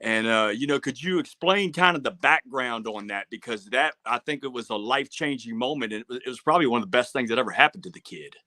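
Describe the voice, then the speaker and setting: A man's voice: medium pitch, fast, few pauses, bright, forceful tone, dry recording. A man hosting a podcast interview, asking long, rambling questions full of admiration for his guest. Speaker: podcast host.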